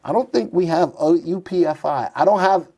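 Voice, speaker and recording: Man, market show host, slightly high voice, chatty, live commentary, thinking out loud. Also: moderate pace. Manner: chatty, thinks aloud while typing tickers.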